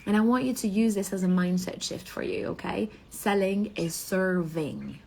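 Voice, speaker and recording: A woman's voice: medium pitch, moderate pace, vocal fry, a little mellow. A woman business coach giving a motivational talk, asking rhetorical questions and checking in with a frequent "okay?".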